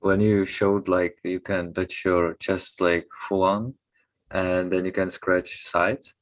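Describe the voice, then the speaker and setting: A man taking part in a class, chatting in a casual, halting way. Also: deep voice, level tone, low-quality recording. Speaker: class participant.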